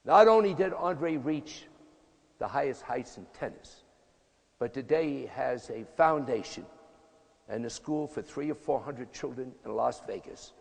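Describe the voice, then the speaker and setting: A man's voice: mid-range voice, unhurried, gravelly. A man in his eighties giving a motivational speech in a punchy, emphatic, folksy way. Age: 80s. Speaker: motivational speaker, tennis coach. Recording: echoey hall reverb.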